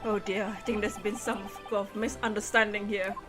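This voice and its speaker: A woman's voice: medium pitch, little pitch movement, normal speed, music in the background, pitched below the performer's own voice, natural voice. A woman voicing an earnest, flustered young male lawyer who speaks hesitantly. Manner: hesitant and unsure.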